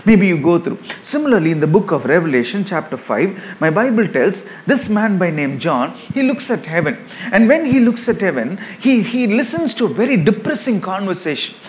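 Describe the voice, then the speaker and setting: Pastor guy preaching, kinda high voice, gets loud and laughy on the big points. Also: moderate pace. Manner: animated preaching with rising emphasis and laughs. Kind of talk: sermon.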